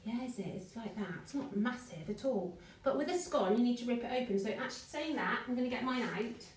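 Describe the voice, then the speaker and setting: A woman leads kids through a live online baking lesson from her home kitchen, cheering them on and saying hello to viewers by name. She sounds animated, fairly high-pitched, and fairly quick, captured off-mic in an echoing kitchen.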